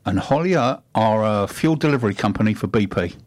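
A man's voice: fairly low pitch, lively intonation, a little fast, darkish tone, no room sound. Man, middle-aged, radio co-host, argumentative, lecturing, dry sound. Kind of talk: opinionated radio chat.

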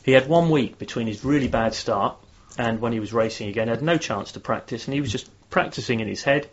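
A man's voice: mid-range voice, fairly quick, slightly rough. A man explaining how negative phrasing works, in a conversational tone, sometimes leading a group experiment with enthusiasm. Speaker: guest speaker on performance psychology. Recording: dull lo-fi sound.

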